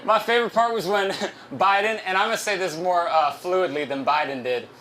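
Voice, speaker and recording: A man's voice: sits high, normal speed, fairly bright tone, low-quality recording. A man doing a stand-up comedy set at a live venue, loose, profane and self-mocking, on a handheld stage mic.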